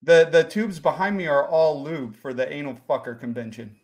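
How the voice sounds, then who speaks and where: A man co-hosting an irreverent political podcast. He riffs and jokes in loose, casual chat, with a slightly high voice. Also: expressive, darkish tone. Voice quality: joking, quick to riff. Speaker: podcast co-host.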